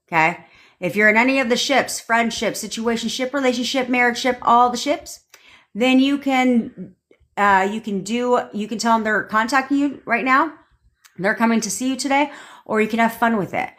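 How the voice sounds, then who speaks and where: A woman's voice: fairly high pitch, moderate pace, a bit bright. Woman, livestream coach; bossy, profane, no-nonsense delivery into a phone. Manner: blunt and commanding, swears often. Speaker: manifestation coach. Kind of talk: livestream pep talk.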